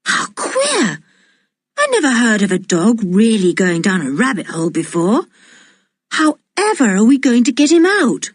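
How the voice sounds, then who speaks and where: A woman's voice: fairly high pitch, huge pitch swings, unhurried, dry recording, clean studio sound, exaggerated voice. A woman doing a sensible, take-charge boy. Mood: astonished.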